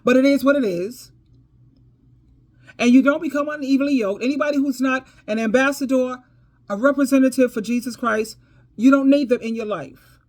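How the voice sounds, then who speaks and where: Her voice sits high with a darkish tone, at a moderate pace. Giving casual, emphatic, preachy storytime advice as a vlogger, she calls listeners "baby" and "girl," repeats phrases, and laughs between points.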